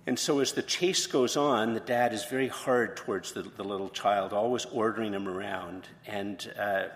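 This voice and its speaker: Casting: male pastor, low voice, storytelling sermon, long hall reverb, faint room noise. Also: moderate pace. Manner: retells a story, then poses questions.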